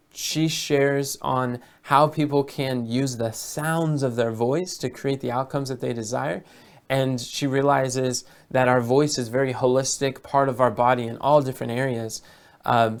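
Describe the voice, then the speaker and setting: A man talking as a business coach in a casual monologue, telling stories and often repeating or restarting his words. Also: mid-range voice. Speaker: business coach for health educators.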